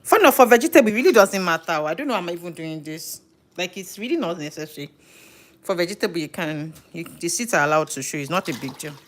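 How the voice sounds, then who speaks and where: A woman's voice: lowish voice, lively intonation, fast talker. A middle-aged woman chatting casually while cooking live at home, thinking aloud and correcting herself as she goes. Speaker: home cook and live streamer. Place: home kitchen.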